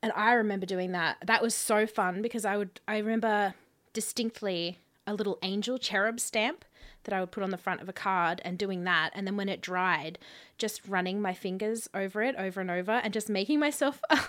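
A woman's voice: mid-range voice, brisk, a bit bright. Chatty woman telling stories. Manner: chatty storytelling, laughs often. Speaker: podcast co-host. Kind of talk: casual chat.

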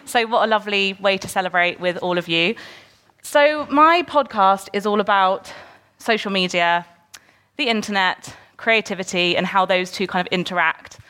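A woman's voice: medium pitch, moderate pace, bright, forceful tone, clear, resonant tone. A woman hosting a live podcast recording in front of an audience, chatty and upbeat. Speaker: podcast host. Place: live event venue.

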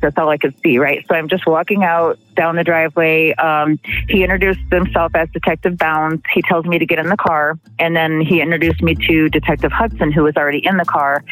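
A woman being interviewed, recalling events in a halting, emotional way with many pauses and restarts. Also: low-pitched, a bit bright, rough recording. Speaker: interviewee, partner of the accused. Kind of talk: emotional first-person recollection.

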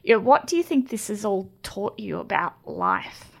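Woman interviewer, gravelly voice, mid pitch, encouraging. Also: very animated, moderate pace. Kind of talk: interview questions.

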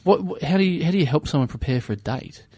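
A man hosting a podcast, telling stories in a casual, animated way and laughing often. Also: a little high, fast, husky, dry recording. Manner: animated storyteller, laughs often, acts out voices. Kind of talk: casual chat.

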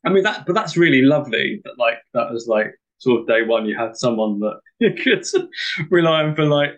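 A male podcast host asks casual questions and often trips over his words before he finishes them. His voice sits at an average pitch, and the recording sounds slightly muffled. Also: lively intonation. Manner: halting, repeats words while forming questions. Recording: dull podcast audio.

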